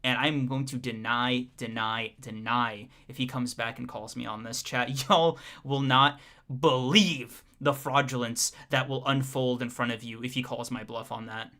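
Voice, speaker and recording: A man's voice: medium pitch, steady tone, measured pace, sharp tone. A young man co-hosting a podcast livestream, chatting casually with his audience, joking, laughing a lot and restarting his sentences. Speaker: podcast co-host.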